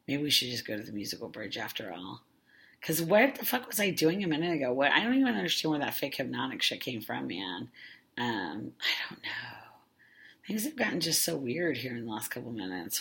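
A woman's voice: rumbling low, gravelly, a bit bright. A woman hosting her own podcast in a casual, rambling monologue, swearing freely and often losing her train of thought. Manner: rambling and profane, with many fillers and self-interruptions. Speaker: podcast host.

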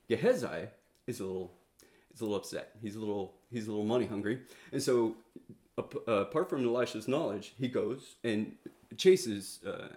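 A man's voice: fairly low pitch, a little mellow. A man preaching a sermon in a casual, conversational way, retelling a story with many fillers and restarts and acting out the quotes.

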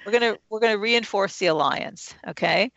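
Calm gravelly-voiced woman guiding steps. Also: mid-range voice, brisk, dry recording. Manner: calm, instructive, walks the listener through steps. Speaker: author and guest. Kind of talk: explaining self-help steps in an interview. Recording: dull, lo-fi and dry.

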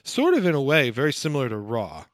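A man's voice: mid-range voice, wildly swooping pitch, quick pace, no room sound. Easygoing man on a dry mic. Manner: loose, filler-heavy talk. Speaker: podcast co-host. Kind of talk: casual discussion podcast.

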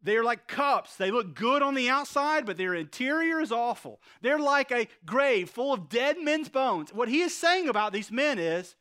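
A man's voice: very high voice, lively intonation, moderate pace, few pauses, sharp tone, smooth. A male pastor preaching a sermon, retelling a story and asking the congregation rhetorical questions, often repeating words as he goes.

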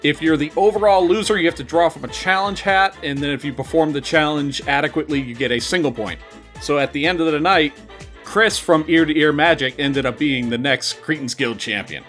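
A man's voice: a little high, a little fast, fairly bright tone, soft background music. A man co-hosting a comedy podcast, dry and self-deprecating as he explains game scoring. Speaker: podcast co-host. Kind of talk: casual comedy banter.

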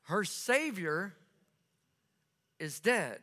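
Slow, bright-voiced male preacher. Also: high voice, sing-song. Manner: earnest storytelling, repeats phrases for emphasis. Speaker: pastor. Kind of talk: sermon. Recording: long reverb of a large hall.

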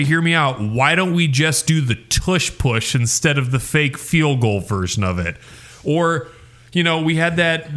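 A man co-hosting a casual sports podcast, ranting in an animated way while he has the hiccups. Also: on the high side. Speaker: podcast co-host.

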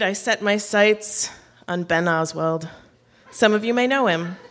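A woman's voice: medium pitch, fairly bright tone. A woman telling a true story from her own life to a live audience. Her tone is wry and self-mocking, with light laughs. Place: on stage before an audience.

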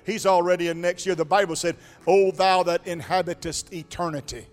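High-voiced preacher in echoing church. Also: male voice, fairly even intonation, brisk. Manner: builds from quiet to shouting, sing-song preaching cadence. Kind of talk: sermon. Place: church sanctuary. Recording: long hall reverb, faint music.

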